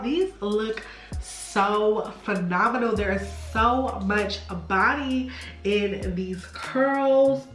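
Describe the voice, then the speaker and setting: A woman's voice: medium pitch, a bit bright, roomy sound. A young woman chatting through a hair tutorial, gushing and chatty, saying y'all a lot. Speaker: beauty vlogger. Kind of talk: casual hair tutorial chat.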